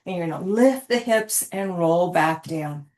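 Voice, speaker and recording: Her voice sits on the low side with a darkish tone, and she doesn't hurry. As a fitness instructor coaching a live workout, she cues exercises encouragingly while sounding winded, catching her breath between sets.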